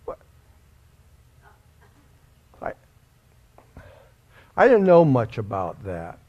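Slow-preaching man, dull lo-fi sound. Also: mid-range voice, huge pitch swings. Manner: emotional testimony with sudden loud rises. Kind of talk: sermon. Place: church. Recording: dull lo-fi recording.

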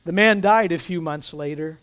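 A man preaching a sermon, telling a story with dramatic pauses and soft emphasis. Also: on the high side, clean tone.

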